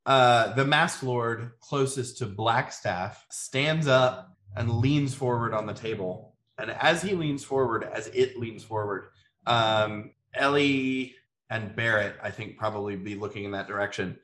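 Man, game master narrating, average pitch, calm storyteller, echoey room. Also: measured pace, slight background noise. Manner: calm storyteller, frequent ums.

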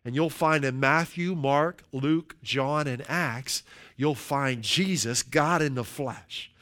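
A man preaching a sermon, emphatic, slowing down to stress scripture quotes and often asking his listeners "right?". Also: medium pitch, a bit bright. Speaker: pastor.

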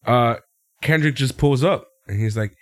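A man's voice: normal speed, dry recording. A man casually recapping a wrestling show and acting out quotes. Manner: animated, laughs often, acts out quotes in high voices. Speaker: podcast co-host recapping wrestling. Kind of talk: casual chat.

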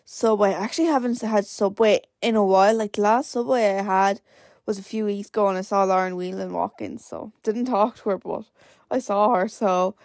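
With a medium-pitched, slightly mellow voice, a nineteen-year-old woman from Ireland rambles casually at normal speed on her own podcast, her tone steady and her speech packed with "like" fillers. The studio sound is clean, with no echo.

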